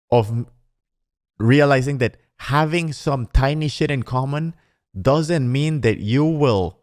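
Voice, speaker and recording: A man hosting a casual podcast rant, his voice sitting at an ordinary middle pitch. He is sarcastic and profane, peppering everything with bro. He often slips into exaggerated mocking voices. The sound is close and dry, with no room around it. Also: a little mellow, dry recording. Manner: mocks others in exaggerated put-on voices. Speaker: podcast host.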